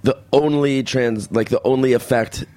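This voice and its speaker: A man's voice: medium pitch, steady tone, normal speed, a little mellow, no room sound. Candid rambling man, dry studio voice. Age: 30s. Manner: candid, rambling, self-deprecating. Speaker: co-host. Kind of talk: casual radio talk show chat.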